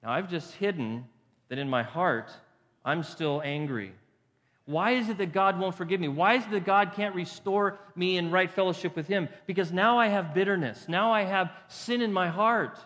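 A man's voice: sits high, normal speed, a bit bright. A pastor preaching a conversational sermon. He poses rhetorical questions to the congregation and repeats phrases for emphasis. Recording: long hall reverb.

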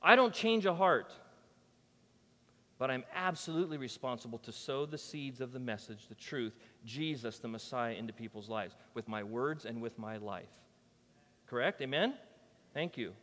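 A man preaching a sermon as pastor, emphatic and conversational, swinging between loud declarations and soft, quiet asides. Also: medium pitch, normal speed, in a large hall. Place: church.

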